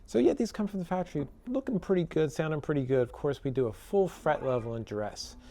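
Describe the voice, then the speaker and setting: A man's voice: a little high, fast talker. Chatty man demoing a guitar. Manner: relaxed, chatty, many fillers and tag questions. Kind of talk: casual product demo talk. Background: electric guitar playing.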